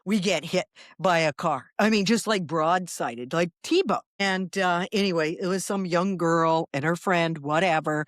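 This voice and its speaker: A woman's voice: lowish voice, measured pace, few pauses, no echo, studio quality. A woman co-hosting a podcast, telling a family story with wry, laughing asides. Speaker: podcast co-host. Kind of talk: casual storytelling chat.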